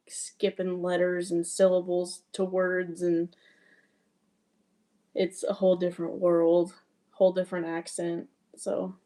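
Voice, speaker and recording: A woman's voice: fairly low pitch, dark tone. A woman from Wyoming with a mixed Wyoming and Southern accent, chatting casually on a livestream and answering viewer comments. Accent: mixed Wyoming and Southern Louisiana. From Wyoming, USA. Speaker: cross-stitch livestreamer.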